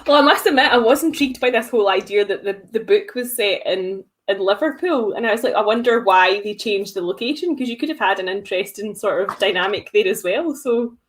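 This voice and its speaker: A woman's voice: mid-range voice, brisk, few pauses. A woman co-hosting a film podcast, chatting casually and laughing often. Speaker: podcast co-host.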